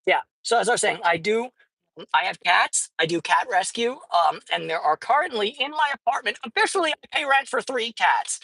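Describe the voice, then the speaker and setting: A woman's voice: mid-range voice, animated, normal speed, sharp tone, breathy edge, no echo, poor audio. A woman vlogging casually while driving, rambling with lots of fillers and swearing now and then inside a car. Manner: rambling, profane, many fillers.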